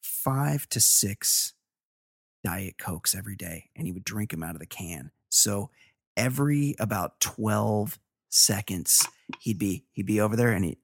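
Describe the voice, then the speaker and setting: A man's voice: fairly low pitch, animated, unhurried, vocal fry, breathy edge, no echo, studio quality. A middle-aged man co-hosting a casual podcast, reading listener emails and telling rambling, crude stories with plenty of swearing. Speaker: podcast co-host.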